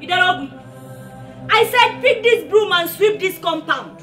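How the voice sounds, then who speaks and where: A woman's voice: very high-pitched, animated, normal speed, a bit bright. A Nigerian woman playing a jealous, scolding young wife in a film drama. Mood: bossy. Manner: scolding, accusing, bossy. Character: jealous, confrontational young wife, bossy and loud. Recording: echoey room with music.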